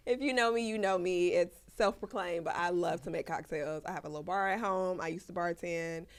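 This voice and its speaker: A woman's voice: on the low side, moderate pace. A young woman from Chicago hosting a podcast in casual chat, playful and slangy, laughing often. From Chicago, USA. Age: young adult. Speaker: podcast host.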